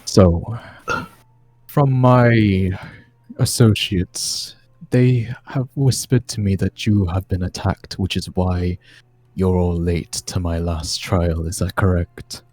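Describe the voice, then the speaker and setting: A man's voice: sits low, fairly even intonation, takes it slowly, a little mellow. A man playing a cold, imperious vampire lord. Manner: cold, formal, demanding.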